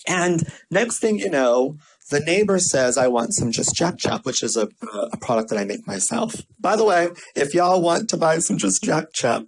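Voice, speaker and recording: Brief: sassy, animated vlogger, storytelling with lively, swooping pitch at middle height. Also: normal speed, low-quality recording. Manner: acts out quoted voices with big pitch swings. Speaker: vlogger and small business owner. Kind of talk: casual storytelling and marketing tips.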